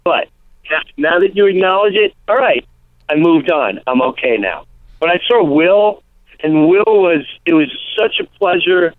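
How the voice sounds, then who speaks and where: A man, a guest comedian, chatting in a rambling way and slipping into quick impressions of people. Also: high-pitched, animated, no room sound. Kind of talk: casual interview chat. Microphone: phone line. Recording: tinny phone line.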